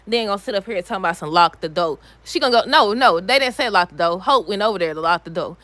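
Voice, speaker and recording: A woman giving a casual, animated recap of a soap opera, talking back to the characters with exasperated asides. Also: mid-range voice, fast, few pauses, no echo.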